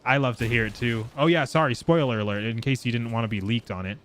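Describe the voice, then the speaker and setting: A man live-streaming a game, chatting casually and excitably with his viewers and swearing freely. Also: mid-range voice, quick pace, soft background music. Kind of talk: casual live gameplay chat.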